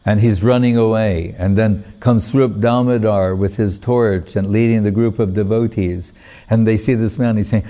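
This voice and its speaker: A man giving a devotional talk, retelling a sacred story in a measured, unhurried way with pauses. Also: on the low side, fairly even intonation, mellow. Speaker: spiritual teacher.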